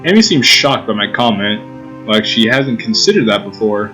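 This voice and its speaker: A playful man reads a visual novel aloud, breaking off for jokes and his own laughter. His mid-range voice swings widely in pitch. Soft music plays quietly behind him. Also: lively intonation, moderate pace, rough recording. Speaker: gaming channel host. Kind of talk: reading a visual novel aloud with joking commentary.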